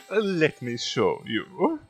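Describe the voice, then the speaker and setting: A man giving casual, joking commentary over a video game playthrough, laughing often. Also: medium pitch. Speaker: let's play host.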